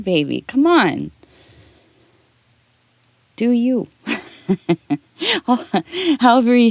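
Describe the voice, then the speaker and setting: A middle-aged woman giving a soft-spoken ASMR tea leaf reading, rambling and talking in circles, close to the mic. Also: mid-range voice, no room sound. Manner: rambling, talks in circles with restarts.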